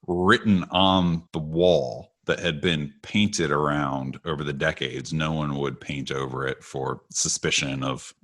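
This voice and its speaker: A man from the United States, co-hosting a podcast, telling a family story in an animated, casual way. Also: extremely low pitch, measured pace, hardly any pauses. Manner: animated storyteller, acts out quoted voices with laughs. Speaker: podcast co-host.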